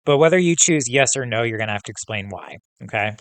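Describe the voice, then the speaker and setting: A male teacher reading a novel aloud to students, pausing to pose comprehension questions in a steady, instructive way. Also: mid-range voice, dry recording.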